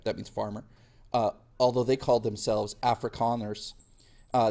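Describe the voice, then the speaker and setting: A young man lectures on history in a relaxed, talky way. He leans on slang and sarcasm, and he slips into quick impressions of the people he quotes. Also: mid-range voice. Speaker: history teacher. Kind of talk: casual classroom lecture.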